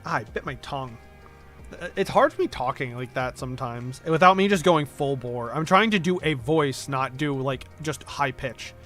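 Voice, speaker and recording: A man's voice: mid-range voice, animated, moderate pace, a bit bright, faint music behind. A man streaming a game, chatting casually in a rambling, self-deprecating way. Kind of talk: casual gameplay commentary.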